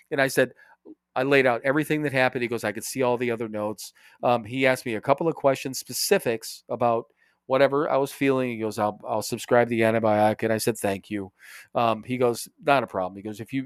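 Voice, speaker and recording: A man's voice: medium pitch, clear, resonant tone, no room sound, clean studio sound. A man from Indiana co-hosting a podcast, telling a story in casual chat, swearing and quoting people as he goes. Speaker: podcast co-host.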